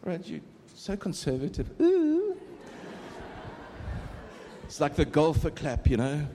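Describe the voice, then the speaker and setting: A man's voice: fairly high pitch, brisk, mellow, a little hiss or hum. A middle-aged man preaching a sermon in a conversational way, joking with the congregation. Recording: long reverb of a large hall.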